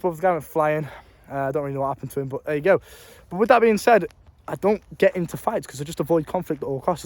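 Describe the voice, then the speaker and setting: Young English man, rapid and slightly high-pitched, blunt and sweary, filming on his phone. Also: darkish tone, no room sound. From England. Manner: blunt, profane, emphatic with street slang. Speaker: vlogger. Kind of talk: casual storytelling advice.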